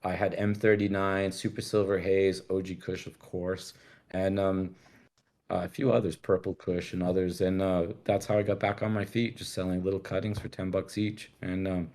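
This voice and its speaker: A middle-aged man from the United States speaks at a lowish pitch. He tells rambling, candid stories in casual chat, swears freely, and acts out quoted voices along the way. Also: level tone, moderate pace, a little mellow. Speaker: guest. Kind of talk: casual storytelling interview.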